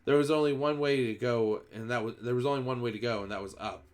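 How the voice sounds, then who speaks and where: A man's voice: mid-range voice, fairly even intonation, fast. A man reads a children's book aloud on a livestream, telling it in the first person. He reads expressively in a mid-range voice and often backs up to restart a phrase. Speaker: streamer reading a book aloud. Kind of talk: first-person storybook reading.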